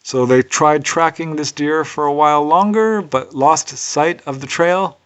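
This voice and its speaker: A man's voice: fairly high pitch, a little slow, a bit bright, clean tone, muffled recording. Earnest man recounting cases. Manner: earnest, conversational, with personal asides. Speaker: UFO researcher and author presenting cases. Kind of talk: unscripted storytelling narration.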